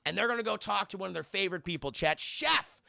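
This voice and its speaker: A man in his thirties doing a live spoiler film review, talking to his viewers in an animated, profane way. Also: high voice, fast talker, vocal fry, no echo, studio quality. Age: 30s. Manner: animated, profane, laughs while retelling.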